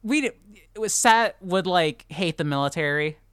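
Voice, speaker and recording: Lowish woman podcaster, smooth clear voice, dry sound, rambles and laughs a lot. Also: animated, moderate pace, no room sound. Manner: rambling, many fillers and restarts, laughing often. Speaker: podcast co-host. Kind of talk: casual book-discussion chat.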